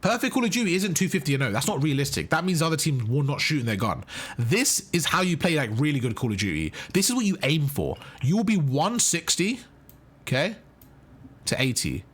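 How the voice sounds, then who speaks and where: A man's voice: on the high side, very animated, brisk, fairly bright tone, husky. A man coaching viewers through match footage, emphatic and often checking in with "right?" and "okay?". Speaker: competitive gaming coach.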